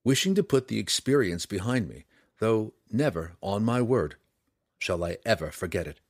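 A man voicing a weary, noble dark elf ranger, speaking low, quiet and solemn in an audiobook. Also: very animated, dry recording, studio quality. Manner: low, quiet and solemn, slow measured speech. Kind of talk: audiobook character voice.

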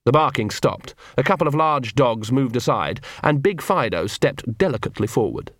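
A man's voice: medium pitch, lively intonation, normal speed, a bit bright, no room sound. A man narrating an audiobook in a dry, wry storytelling manner.

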